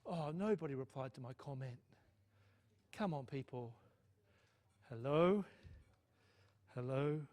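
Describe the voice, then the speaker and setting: Chatty lecturer with a high voice. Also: male voice. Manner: chatty, checks in with "okay?" and "right?". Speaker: university math lecturer. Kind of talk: live lecture with student questions.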